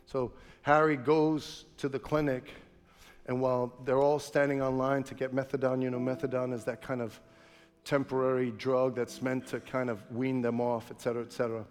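A man's voice: mid-range voice, level tone, moderate pace, clear, resonant tone. A male pastor preaching a sermon in an impassioned storytelling manner, in a large church sanctuary. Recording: long hall reverb with faint music.

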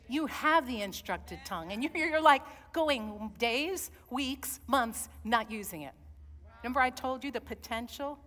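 A woman preaching a sermon, swinging from loud calls to soft, intimate asides. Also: mid-range voice. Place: church. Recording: long hall reverb.

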